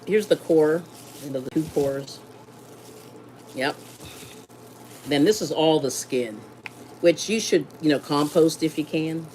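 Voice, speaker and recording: A woman with a low voice hosts a live cooking stream from a home kitchen, talking loosely and laughing often. Her pitch swoops widely as she rambles and greets viewers, with a faint hiss underneath. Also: darkish tone, poor audio. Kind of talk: casual chat while cooking.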